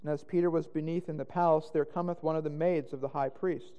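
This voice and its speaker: A man's voice: fairly high pitch, steady tone, fast, smooth, dull audio. A man giving a dramatic reading of scripture, lifting his voice for the quoted lines. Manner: dramatic, rising to loud exclaims on quoted lines. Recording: long hall reverb.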